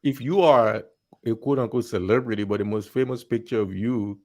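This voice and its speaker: A man's voice: medium pitch, brisk, darkish tone. A man co-hosting a casual podcast, explaining references in a wry, offhand way. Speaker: podcast co-host. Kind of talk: casual chat.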